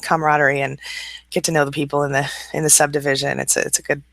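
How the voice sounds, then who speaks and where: A woman's voice: low voice, flat delivery, fast, creaky, a bit bright, no room sound. A woman hosting a casual live-stream hangout, greeting viewers by name and reading their comments aloud. She says she is a little tired this morning. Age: adult with school-age children.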